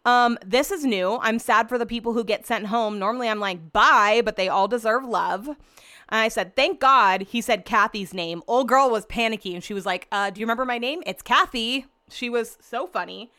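A woman's voice: a little high, moderate pace, bright, forceful tone. A young woman hosting a podcast, chatting casually and gushing with lots of "like" and "um". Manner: bubbly, gushing, uses lots of "like" and "um". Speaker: podcast host. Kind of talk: casual solo chat.

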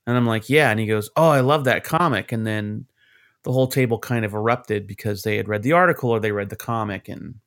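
A middle-aged man co-hosting a casual podcast, telling lively anecdotes and acting out the people in them, with the odd swear. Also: on the low side, fast. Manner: animated anecdotes, acts out quoted voices, swears. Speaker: podcast co-host, cartoonist. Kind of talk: casual storytelling chat.

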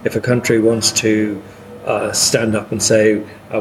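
A man on a podcast speaking in a measured, hesitant way with many uhs. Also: lowish voice, level tone, poor audio. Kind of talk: casual podcast chat. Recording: clear background noise.

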